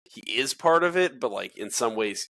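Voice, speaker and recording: A man's voice: mid-range voice, lively intonation, moderate pace, creaky, pushed and bright, dry recording. A man co-hosting a podcast, talking casually and rambling with lots of filler words. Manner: rambling, heavy on filler words, laughs easily. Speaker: podcast co-host. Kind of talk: casual chat.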